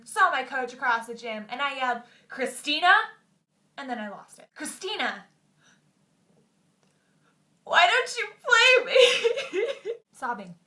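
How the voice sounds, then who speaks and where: Bright-voiced young woman vlogging. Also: sits high. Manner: chatty and self-mocking. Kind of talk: casual vlog storytelling.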